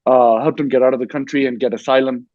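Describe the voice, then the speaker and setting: This man, raised in Dubai and now an author and war correspondent, talks fast and steadily at medium pitch while recounting his story with frequent restarts during a festival panel discussion. The audio is narrow and tinny, with no echo.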